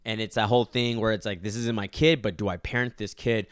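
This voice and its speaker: Male co-host, smooth clean voice, dry close sound, animated storyteller who acts out quotes. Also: fairly low pitch, fast, no echo. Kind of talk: casual storytelling chat.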